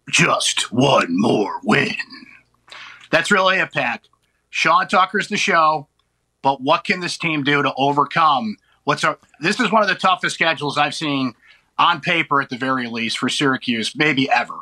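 Man, from central new york, sports radio guest, very bright sharp tone, slightly high voice, upbeat and joking. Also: poor audio. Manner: upbeat, joking, plugs and banter. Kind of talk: casual sports talk.

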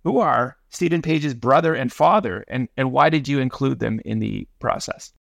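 A male podcast host with a gravelly edge asks his guest measured questions. The recording is close and dry. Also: medium pitch, dry recording. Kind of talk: interview questions.

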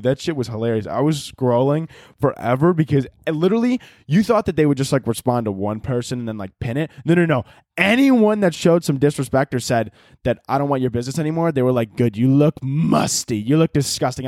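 A man's voice: mid-range voice, a little mellow, dry recording, clean studio sound. A young man hosting a solo podcast, rambling in casual chat, swearing freely and laughing often. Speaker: podcast host.

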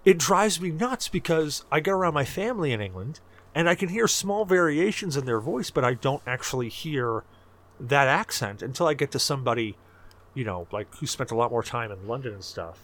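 A man co-hosting a podcast, talking casually in long rambling runs. His pitch swings widely as he gets worked up, and he often doubles back on his own words. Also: a little fast. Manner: animated, rambling, repeats himself. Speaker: podcast co-host. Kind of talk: casual chat.

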